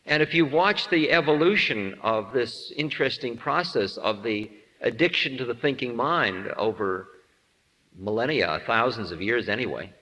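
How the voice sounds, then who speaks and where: A man giving a humorous spiritual talk as a teacher, playful and quick to act out little scenes. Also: mid-range voice, expressive, sharp tone. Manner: playful, acts out voices in anecdotes. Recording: long hall reverb.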